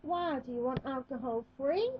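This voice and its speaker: A woman's voice: sits high, moderate pace, muffled recording, slight background noise, voice pushed up, lightly acted. A woman voicing a friendly, laid-back male shopkeeper in an amateur cartoon.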